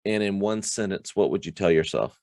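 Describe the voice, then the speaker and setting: A man hosting a podcast, asking his guest questions in a relaxed, playful way. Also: sits low, brisk, creaky, no room sound, clean studio sound. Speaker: podcast host. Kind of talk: interview questions.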